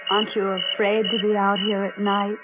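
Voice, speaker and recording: A woman's voice: mid-range voice, flat delivery, normal speed, narrow, tinny audio, loud music behind the voice, natural voice. A woman playing a jealous, murderous young woman. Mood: menacing. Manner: cold and menacing, then pleading. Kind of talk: 1940s radio drama acting. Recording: scratchy 1940s radio broadcast.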